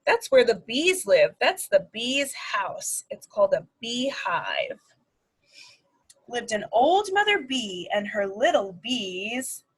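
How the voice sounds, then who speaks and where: A woman speech therapist reading a picture book aloud to preschoolers, animated and sing-song, making animal sounds. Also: on the high side, takes it slowly, husky, poor audio. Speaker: speech-language pathologist. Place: at home.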